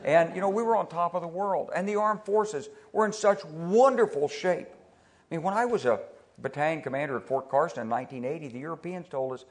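Fairly high-pitched and brisk, this older American man, a former army officer, delivers a relaxed public talk packed with stories. He often restarts with repeated words and slips into animated put-on voices when quoting others.

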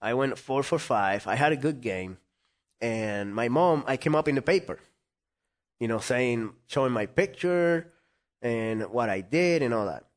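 Man telling a lively story. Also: medium pitch, a little slow. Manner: animated, acts out quoted voices. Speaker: interview guest. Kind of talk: storytelling in conversation.

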